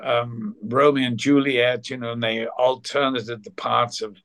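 An actor guest tells backstage anecdotes at an unhurried storyteller's pace, trailing into asides. His voice sits at a middling pitch. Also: level tone, fairly bright tone. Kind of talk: anecdotal podcast interview.

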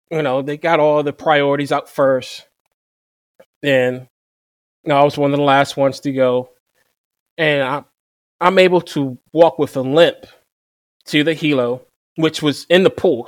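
A young man who served as a Marine, telling his story in a relaxed, conversational way and quoting people with "I'm like.". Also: medium pitch, no room sound, clean studio sound. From Virginia. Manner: relaxed, repeats "I'm like" to quote himself. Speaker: interview guest, former Marine machine gunner.

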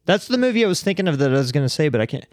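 A man's voice: on the high side, big pitch swings, rapid-fire, background noise. Rambling, self-mocking man telling stories. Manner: rambling storyteller, laughs at himself; acts out angry voices in his stories. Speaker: podcast co-host. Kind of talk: casual chat over beers.

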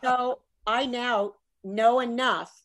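A middle-aged woman tells funny stories as a guest in a relaxed conversation. She is animated and jokey, often laughing between her lines. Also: on the high side, slow pace. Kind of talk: comic storytelling in casual chat.

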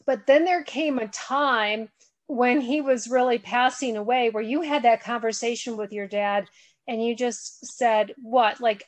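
A woman's voice: fairly high pitch, steady tone, measured pace, no echo. A woman hosting a podcast, talking earnestly in a rambling, conversational way. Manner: earnest, rambling, backs up and restarts. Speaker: podcast host.

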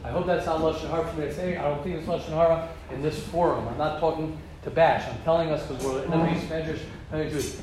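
A middle-aged American man giving an informal religious lecture to a group in a study hall, animated and repetitive, acting out quoted speech. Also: on the high side, fast, hardly any pauses, a crowd in the background. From United States. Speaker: Torah class teacher. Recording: roomy hall, faint ambient noise.

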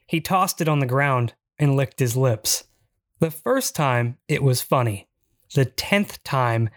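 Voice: medium pitch, dry recording. Dry, wry memoir narrator.

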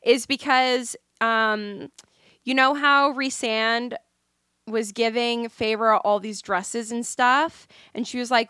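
A young woman rambles through fan theories in a casual podcast chat, her voice bright and a little high. The sound is dry and close, with no room around it. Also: slow pace, clear, resonant tone, no room sound. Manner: excited, rambling fan talk with fillers. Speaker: podcast co-host.

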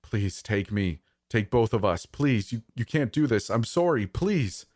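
A man voicing a frantic, desperate middle-aged father in a horror story, shouting and pleading. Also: fairly low pitch, lively intonation, a little slow, no echo, clean studio sound, voice pushed up.

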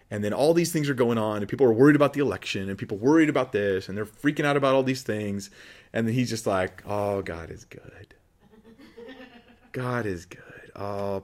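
A man preaching as a pastor, talking through a scripture passage in a relaxed, conversational way and acting out quoted voices. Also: medium pitch, fast. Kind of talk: sermon.

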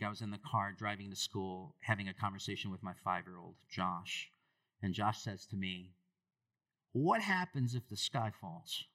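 A man in his thirties preaching a sermon, earnest and animated, asking the congregation rhetorical questions. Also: on the low side, recorded from a distance. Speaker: pastor.

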